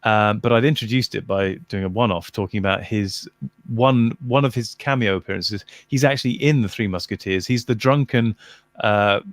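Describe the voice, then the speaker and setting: Man, low voice, hesitant with lots of ums, dry close sound. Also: moderate pace, no room sound. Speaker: video creator. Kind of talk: casual chat.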